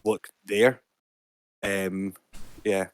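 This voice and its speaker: Hesitant low-voiced man playing a tabletop game. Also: little pitch movement, drawn-out words, smooth. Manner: hesitant, lots of ums, thinks aloud. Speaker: player. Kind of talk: casual tabletop play.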